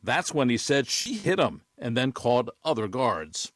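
A man reporting as an investigations correspondent, reading a scripted news report in a measured, even way. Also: medium pitch, noisy background. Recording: dry studio voice.

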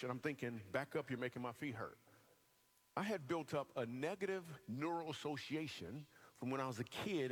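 A man from Michigan, a comedian, telling a funny personal testimony to a church audience and acting out other people's voices. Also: medium pitch. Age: adult. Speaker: comedian and guest speaker. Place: church hall with a live audience.

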